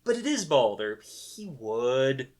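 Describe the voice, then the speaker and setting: A woman co-hosting a comics podcast, trading deadpan quips and gushing over panels in casual banter. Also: extremely low pitch, slow pace. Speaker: podcast co-host.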